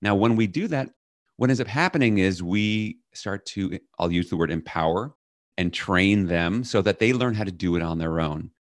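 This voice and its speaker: A middle-aged man, a leadership coach, telling a personal story as a podcast guest and loudly acting out the orders he quotes. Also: low voice, moderate pace, no room sound, clean studio sound. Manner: animated, acts out quoted commands loudly.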